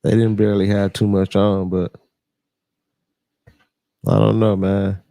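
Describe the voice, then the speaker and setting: Gravelly low-voiced man chatting on a stream. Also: level tone, unhurried, mellow, dry recording. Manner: rambling, drawling, lots of fillers and slang. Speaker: reaction streamer. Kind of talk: casual livestream reaction talk. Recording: dry close sound.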